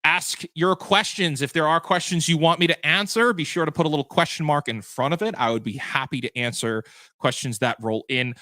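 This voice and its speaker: Guy game master doing a post-show stream, bright sharp voice, dry sound, rambly and chatty. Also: a little high, a little fast, no echo. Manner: chatty, self-correcting, answers viewer questions. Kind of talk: livestream post-show chat.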